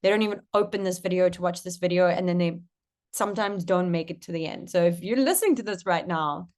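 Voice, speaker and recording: A woman's voice: fairly low pitch, fast, darkish tone. A young woman coach giving a casual masterclass to camera, chatty and swearing casually.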